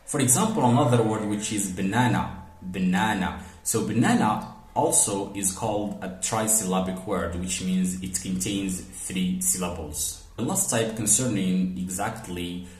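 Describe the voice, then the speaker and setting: Low-voiced man teaching phonetics in an echoey room. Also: a little mellow, slight background noise. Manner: explanatory, repeats example words slowly, frequent "okay" and "for example". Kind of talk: recorded phonetics lesson.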